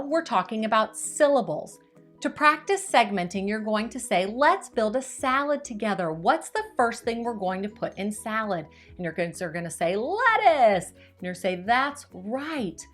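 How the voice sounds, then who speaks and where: A woman teaching parents early reading skills, talking in a clear, upbeat way and slowing down to stretch out words as she demonstrates. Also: on the high side. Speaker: teacher giving tips to parents. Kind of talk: instructional video.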